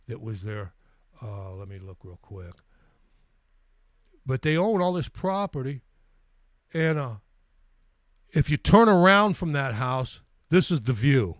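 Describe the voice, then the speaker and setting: A man's voice: mid-range voice, no room sound, studio quality. A man in his sixties telling a travel story on his live stream, rambling and stumbling over repeated words. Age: 60s. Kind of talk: casual storytelling.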